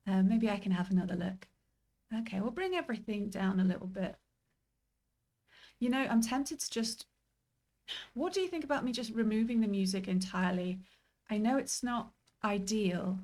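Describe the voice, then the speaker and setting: A woman's voice: mid-range voice, darkish tone. A woman streaming a game, chatting casually in a rambling, self-deprecating way. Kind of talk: casual gameplay commentary.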